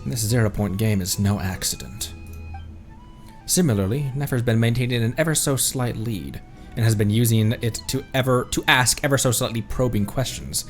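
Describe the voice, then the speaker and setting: A man's voice: medium pitch, moderate pace. A man streaming a game, joking and reading the dialogue aloud. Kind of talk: casual gameplay commentary. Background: faint game music.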